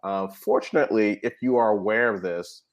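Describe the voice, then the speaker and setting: A man with a deep, low voice talks in a relaxed interview. He explains points step by step and keeps checking in with his listener as he goes. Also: a little fast, lo-fi sound. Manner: explanatory, frequent "right?" and "you know". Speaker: guest expert on technology habits. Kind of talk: conversational interview talk.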